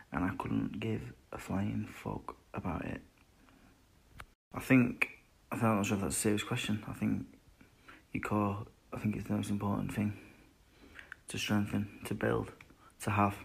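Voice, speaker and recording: A man in his twenties chats bluntly and swears freely as he answers questions, drifting from point to point. His voice sits low with a gravelly fry and a husky, slightly raspy edge. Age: 20s. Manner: blunt and sweary, loose rambling delivery. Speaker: boxer answering fan questions. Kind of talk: casual chat.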